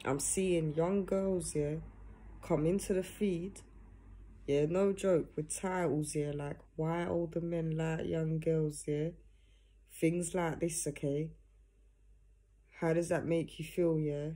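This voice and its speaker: A woman's voice: low-pitched, steady tone, takes it slowly, pauses often, dark tone, slightly rough. A young woman talking casually to camera from home, earnest and direct, ending nearly every phrase with "yeah?". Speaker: vlogger. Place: at home in pajamas. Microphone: phone or camera.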